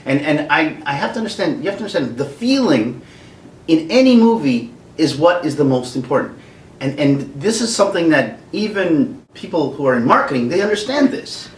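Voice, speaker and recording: A man in his forties on a casual rant, his pitch swinging up and down a lot as he laughs and acts things out. His voice sits a bit high for a man, and it sounds roomy and away from the mic. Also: fairly quick, distant mic, slight background noise. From Canada. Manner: animated, laughs often, acts out quotes. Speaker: vlogger.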